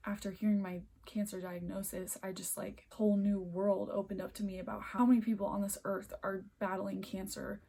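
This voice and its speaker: Young woman filming herself on her phone at home, teary and rambly, husky gravelly voice, keeps slipping into whispers. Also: mid-range voice, little pitch movement, a little fast, few pauses, warm tone. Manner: earnest, rambling, often breaks into near-whispers. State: emotional, close to tears. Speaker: vlogger. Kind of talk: emotional personal vlog. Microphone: phone camera.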